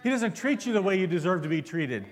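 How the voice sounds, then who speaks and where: A man's voice: sits high, big pitch swings, quick pace. A man preaching a sermon as pastor, fervent and constantly asking his congregation questions.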